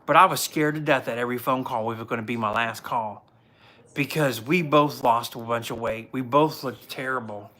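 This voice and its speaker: Speaking at a moderate pace, this police officer in his forties has a mid-range voice that sounds pushed and bright. He's hosting a relaxed livestream from his home, and his earnest stories ramble and keep restarting.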